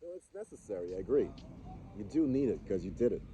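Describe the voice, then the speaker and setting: A man's voice: on the low side, very animated, fast talker, dark tone. A man co-hosting a podcast, talking earnestly and philosophically in casual chat, repeating phrases for emphasis. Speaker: podcast co-host. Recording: noisy background.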